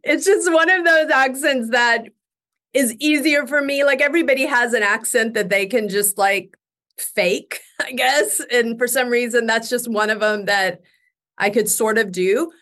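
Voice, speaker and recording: A middle-aged woman talks as a guest in a relaxed interview, her voice sitting a little high. She tells her stories in a loose, chatty way and breaks into laughter often. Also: measured pace. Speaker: guest actress. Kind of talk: casual interview chat.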